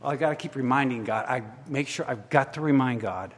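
A man's voice: medium pitch, fairly quick, few pauses. A man preaching a sermon, reading scripture aloud and commenting on it with pointed rhetorical questions. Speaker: pastor. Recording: long reverb of a large hall.

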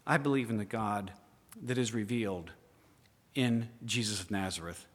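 A man preaching a dramatic sermon with a bright, forceful tone. He fires questions at his listeners and drops to a hush for effect. His voice rings with the long reverb of a large hall. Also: fairly low pitch, normal speed. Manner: dramatic, questions the listeners directly, swings from loud to hushed.

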